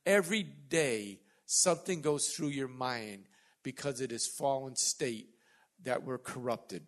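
A man in his sixties preaching a sermon as pastor, swinging between loud emphatic passages and quiet joking asides to the congregation. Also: mid-range voice, a little slow.

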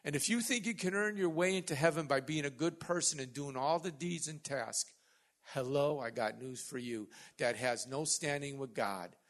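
A man in his sixties preaching a sermon as pastor, swinging between loud emphatic passages and quiet joking asides to the congregation. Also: on the high side, normal speed.

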